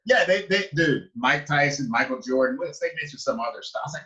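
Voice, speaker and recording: A man chatting casually and telling stories in an animated way, acting out people's reactions. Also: fairly high pitch, fairly quick. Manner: animated storyteller, acts out reactions with loud exclamations. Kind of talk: casual chat. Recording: muffled lo-fi sound.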